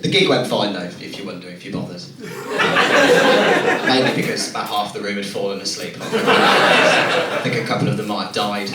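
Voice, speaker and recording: A young man from Birmingham, without the accent, doing a deadpan, self-mocking stand-up set with stammered restarts, heard from the audience. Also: on the low side, normal speed, heavy background noise. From Birmingham, England. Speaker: stand-up comedian. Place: comedy club stage. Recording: roomy club sound from far off, loud crowd.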